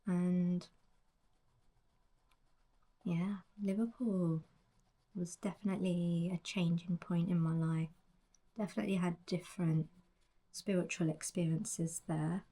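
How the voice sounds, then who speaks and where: Slow, whispery woman in her forties. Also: lowish voice, fairly even intonation, dark tone. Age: 40s. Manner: reflective, drifting into whispers. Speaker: colouring book author. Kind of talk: soft whispered narration.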